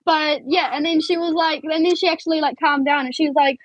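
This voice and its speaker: A woman's voice: high-pitched, fast, hardly any pauses, fairly bright tone, no room sound. A young woman co-hosting a podcast in casual chat, telling stories with many fillers and restarts. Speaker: podcast co-host. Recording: dull lo-fi, dry sound.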